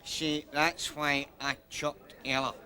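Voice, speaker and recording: A man's voice: on the high side, little pitch movement, slow pace, bright, forceful tone. A man with a Glaswegian accent playing a boastful, drawling sitcom character. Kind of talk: sitcom acting.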